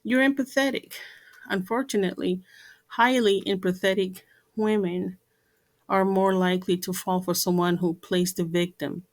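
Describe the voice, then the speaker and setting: A woman's voice: lowish voice, steady tone, normal speed, darkish tone. Woman, earnest talk to camera, repetitive phrasing, filler-heavy speech. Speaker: vlogger.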